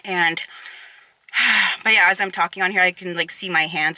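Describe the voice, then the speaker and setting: A woman's voice: lowish voice, fairly even intonation, moderate pace, sharp tone, no echo, low-quality recording. A tired young woman vlogging candidly about her struggles, rambling and emotional with many filler words. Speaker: fitness vlogger. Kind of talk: candid confessional vlog.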